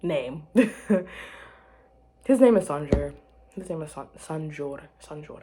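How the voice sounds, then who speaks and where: A young woman chatting to camera about her life, rambling and restarting, giggling and dropping to quiet murmurs. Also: sits low, lively intonation, takes it slowly, music in the background. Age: young adult. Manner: rambling, self-interrupting, giggly, drops to murmurs. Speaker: vlogger. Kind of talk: casual chat to camera.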